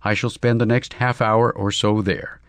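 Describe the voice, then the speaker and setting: A man voicing a bashful young English gentleman who speaks in long, florid declarations, in a storybook reading. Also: lowish voice, flat delivery, normal speed, no echo, lightly acted. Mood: hurried.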